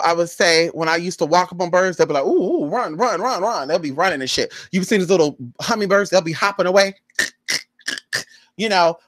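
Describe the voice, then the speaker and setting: A woman chatting straight to camera in a gossipy, storytelling way, her pitch leaping up and down as she acts out everyone involved. She keeps calling the listener "girl" and "honey". The sound is dry and close, with no room echo. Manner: animated, acts out other people's voices, addresses viewer as "girl" and "honey". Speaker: spiritual reader and vlogger.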